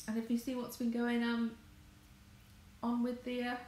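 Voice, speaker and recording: Fairly high-pitched but monotone, this English woman talks at a normal speed with a slightly mellow quality. She's a married crafts vlogger chatting loosely on a livestream from her home conservatory, drifting between thoughts and correcting herself. The recording is echoey with slight background noise.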